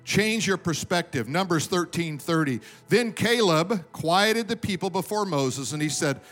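Preacher guy with a high voice, punchy and emphatic, asking for amens, faint music under him. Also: animated, measured pace, hardly any pauses, fairly bright tone. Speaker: pastor. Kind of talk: sermon. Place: church sanctuary with congregation.

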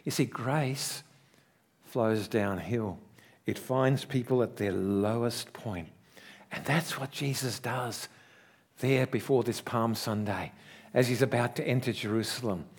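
A middle-aged man, a pastor, preaching a sermon with earnest storytelling that swells in emphasis and then drops into soft, slowed asides. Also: medium pitch. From Australia.

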